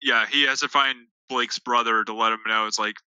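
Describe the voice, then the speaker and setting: A man's voice: mid-range voice, fairly even intonation, moderate pace, sharp tone, clear, resonant tone, no echo, low-quality recording. A young man in casual chat about a movie, stammering into restarts and acting out quoted dialogue. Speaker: movie reviewer.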